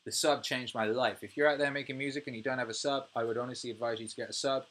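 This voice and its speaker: A British man in his thirties hosting a casual livestream, reading viewer comments, swearing freely and ranting with animated energy. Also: medium pitch, quick pace. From United Kingdom. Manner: swears freely, animated rants, laughs often. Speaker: music producer and livestream host.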